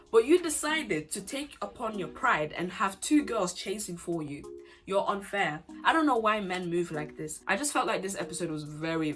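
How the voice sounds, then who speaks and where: A young woman runs through a reality show in casual vlog commentary. She is sassy and animated, calling people out directly. Faint music plays softly behind her. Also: mid-range voice. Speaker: vlogger.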